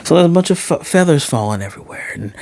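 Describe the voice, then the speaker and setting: A man's voice: fairly high pitch, big pitch swings, fast talker, vocal fry, darkish tone, dry recording. A man in his late thirties giving a casual, rambling anime review, often correcting himself and wandering into chatty asides. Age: 30s.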